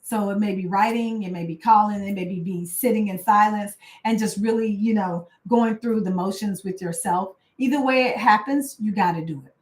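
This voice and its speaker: A woman's voice: medium pitch, normal speed, few pauses, darkish tone. Sex: woman. Style: motivational talk. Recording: roomy echo. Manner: casual and conversational, often asks "right?" and says "y'all". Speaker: life coach.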